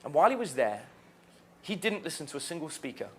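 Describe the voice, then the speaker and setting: Male dating coach, higher voice, lively storyteller. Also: fast, a little hiss or hum. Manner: animated, laughs while telling anecdotes. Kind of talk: storytelling to camera.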